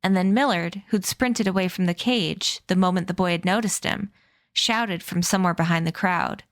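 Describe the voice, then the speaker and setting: A woman streamer narrating a novel aloud in a steady, even reading voice. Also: lowish voice, moderate pace, no room sound. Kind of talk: read-aloud storybook narration.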